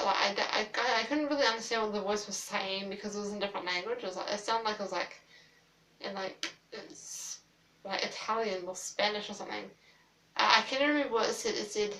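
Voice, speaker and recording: A woman's voice: medium pitch, fairly bright tone, distant mic. A woman telling a ghost story in a casual storytime vlog, rambling with lots of "like" fillers and casual swearing. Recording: roomy, a little off-mic.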